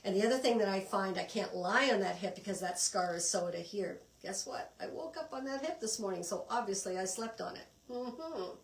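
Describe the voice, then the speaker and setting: A middle-aged woman from Canada leads a relaxed wellness class in a chatty, encouraging way, often stopping to restart a phrase. Her voice sits at a medium pitch. It sounds roomy and somewhat distant from the mic. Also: fairly quick, hardly any pauses. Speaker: wellness instructor.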